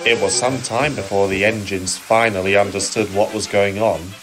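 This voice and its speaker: A man narrating a storybook audio reading in a slow, measured way. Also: on the low side, steady tone. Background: music.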